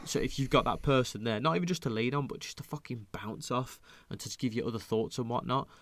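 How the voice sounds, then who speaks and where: A young man chats on a podcast in a loose, rambling way, swearing freely. His voice sits at an average pitch. The sound is close and dry, with no room around it. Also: quick pace, a bit bright, dry recording. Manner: swears a lot, rambling, acts out quoted lines. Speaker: podcast host. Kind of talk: casual podcast chat.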